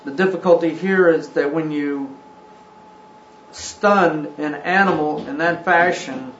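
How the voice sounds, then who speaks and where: A man teaching a scripture class. He talks haltingly, with frequent ums and restarts. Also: fairly high pitch, fairly bright tone, slight background noise. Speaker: religious teacher. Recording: roomy, dull recording.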